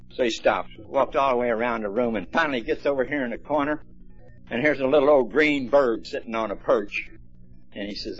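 A man's voice: medium pitch, fairly quick, breathy edge. A man speaking at a recovery meeting, telling stories in a folksy, plainspoken way. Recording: dull lo-fi recording, faint music.

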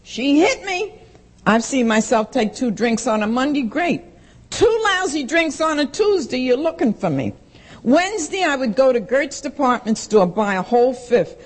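A woman's voice: sits high, big pitch swings, normal speed. A woman, giving a blunt, plain-spoken personal testimony at a recovery meeting and acting out the voices of the people in her story. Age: 60s.

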